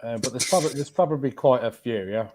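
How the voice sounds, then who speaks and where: A man's voice: mid-range voice, fast talker, darkish tone, a little hiss or hum. A man chatting casually on a video call, making short dry remarks. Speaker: podcast co-host. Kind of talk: casual chat.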